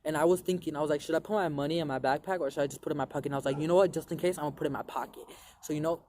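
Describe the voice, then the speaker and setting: A man's voice: fairly high pitch, fairly even intonation, racing, a little mellow. Rambling profane young man, noisy background. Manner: rambling, profane, lots of "like" fillers. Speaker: vlogger. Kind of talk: casual storytelling to camera.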